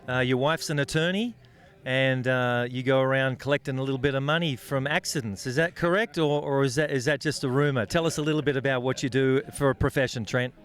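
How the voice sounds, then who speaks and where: A man, loudly and bossily coaching footy in comedic banter outdoors. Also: medium pitch, steady tone, fairly quick, smooth. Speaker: host teaching Aussie rules football.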